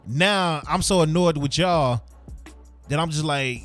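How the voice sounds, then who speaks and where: A man's voice: on the high side, unhurried, soft background music. A man hosting a sports podcast, ranting heatedly in casual slang. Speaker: podcast host.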